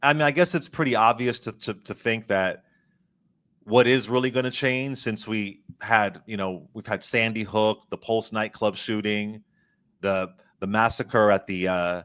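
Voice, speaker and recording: A man's voice: fairly low pitch, unhurried, a bit bright, clear, resonant tone. A man guest-hosting a political commentary show, talking in an impassioned, emphatic way and repeating words for stress. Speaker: guest host.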